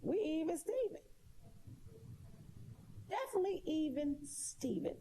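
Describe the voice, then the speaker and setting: A woman's voice: high-pitched, big pitch swings, a little slow, dark tone, a little hiss or hum. A woman talking straight to her viewers in a casual monologue, sassy and emphatic, repeating her points. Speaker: live streamer.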